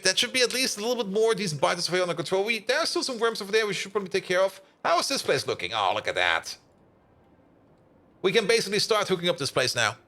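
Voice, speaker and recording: A man's voice: sits high, bright, forceful tone. A man streaming a game, chatting casually with viewers, laughing often and greeting them by name. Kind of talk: casual live-stream chat.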